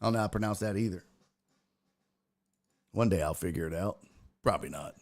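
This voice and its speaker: A man's voice: low voice, brisk, creaky. A man hosting a casual livestream sports talk show, swearing freely as he reads chat comments aloud and answers them.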